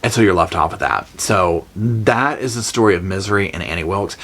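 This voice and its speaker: A man with a drawl tells a movie story in a relaxed, chatty way, sprinkling in "y'all". His voice sits a bit low. He slips into little voiced quotes as he goes. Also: fairly quick, a little hiss or hum. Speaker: movie review host. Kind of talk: casual storytime movie recap.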